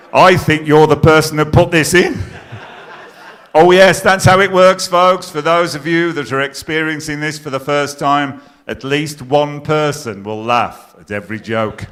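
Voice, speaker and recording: A middle-aged man compering on stage, his voice pitched high and ringing bright and forceful. He tells jokes with deadpan punchlines and teases the crowd in front of him. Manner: teasing the audience, deadpan punchlines. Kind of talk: live stage compering with joke telling. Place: stage in a pier theatre before a live audience.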